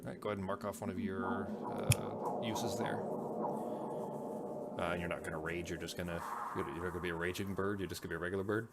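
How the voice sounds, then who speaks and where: A man's voice: sits low, steady tone, quick pace, heavy background noise. A man narrating a tabletop game as game master, rambling and restarting often, with music behind.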